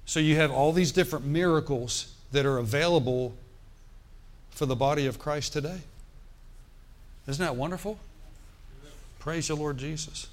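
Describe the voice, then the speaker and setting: A man preaching a sermon, animated and quoting scripture, calling out for amens. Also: fairly high pitch, moderate pace, long pauses.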